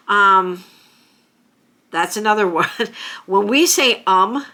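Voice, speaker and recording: A woman's voice: medium pitch, a little slow, sharp tone. An American woman talking casually to camera as a vlogger, chatty, with frequent fillers and small laughs. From United States.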